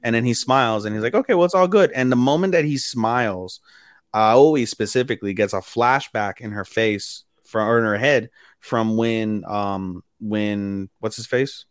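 A man's voice: fairly low pitch, normal speed, no echo, studio quality. A young man co-hosting a podcast, casually and crudely retelling scenes and acting out the lines. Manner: crude, animated retelling with acted-out quotes. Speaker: podcast co-host. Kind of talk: casual chat.

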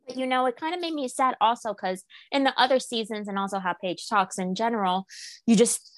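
A woman's voice: a little high, a little fast, dry recording. A woman co-hosting a casual podcast, chatting about reality TV, laughing often and acting out quotes. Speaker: podcast co-host. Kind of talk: casual reality TV recap chat.

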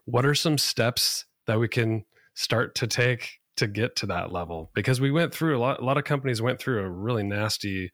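A man hosting a podcast interview who asks his guest questions in a measured way. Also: medium pitch, a bit bright, no room sound, studio quality. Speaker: podcast host.

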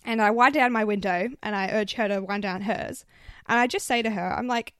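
A young woman with an Australian accent telling stories on her solo podcast, swearing freely and getting animated as she vents. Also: medium pitch, brisk, clean tone, no echo, studio quality. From South Australia. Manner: swears often, animated when venting. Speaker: podcast host. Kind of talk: casual solo podcast storytelling.

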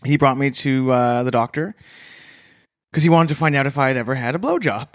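A man's voice: medium pitch, expressive, a little fast, dry recording, studio quality. A man co-hosting a comedy podcast, telling absurd stories with a straight face. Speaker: podcast co-host.

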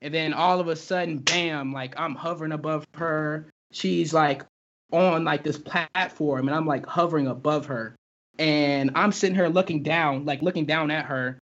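A young man, a guest in a casual interview, recounts his own experience in halting speech full of fillers and restarts. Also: fairly high pitch, a bit bright. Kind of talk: casual storytelling. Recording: dull lo-fi recording.

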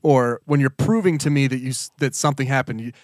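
A man's voice: medium pitch, fast talker, no echo, studio quality. A man co-hosting a casual podcast chat, rambling and telling stories, acting out what others said. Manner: chatty, rambling, tells stories with quoted voices. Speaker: podcast co-host.

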